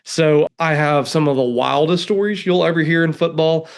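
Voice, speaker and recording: A man's voice: a little high, steady tone, moderate pace, clear, resonant tone. A man with a Southern US accent, a guest economist telling stories in a casual interview in a humorous, self-deprecating way.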